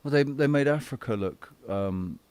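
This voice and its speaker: A man in a casual group chat, rambling and swearing often, with quick impressions of other people. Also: medium pitch, animated, darkish tone, dry recording. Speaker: guest on a flat earth chat stream.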